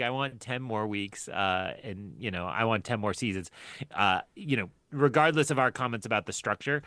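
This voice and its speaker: Bright-voiced enthusiastic man on a podcast. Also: on the low side, no room sound. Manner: enthusiastic, laughs often, many fillers. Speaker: podcast co-host. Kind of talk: casual podcast chat.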